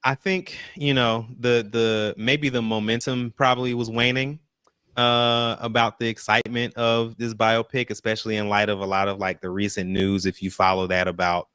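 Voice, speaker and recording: A man co-hosting a casual reaction chat, animated and direct with his listeners. His voice is bright and smooth, recorded close and dry. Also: lowish voice, normal speed, dry recording. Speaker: co-host of a reaction show.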